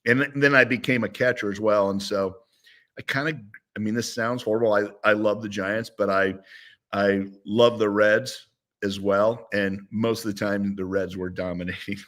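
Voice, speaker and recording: A man's voice: lowish voice, moderate pace. A man in his sixties, a former football player, telling stories as a guest in a casual interview. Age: 60s. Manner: animated storyteller.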